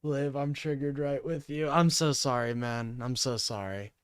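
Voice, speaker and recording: A man's voice: mid-range voice, steady tone, unhurried, clean tone, dry recording, clean studio sound. A man hosting a livestream, ranting in an agitated, profane way and apologizing often.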